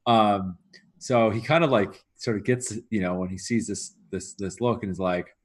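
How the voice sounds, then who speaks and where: A man's voice: on the low side, normal speed. A man playing a tabletop game, explaining his character in a casual, rambling way. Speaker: player.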